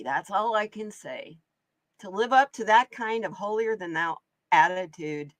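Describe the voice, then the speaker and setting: A woman from Oregon, USA hosts a live card-reading stream, chatting casually in a mid-range voice with lively intonation and a measured pace. She's chatty and exclamatory, laughing often, and the recording has no echo.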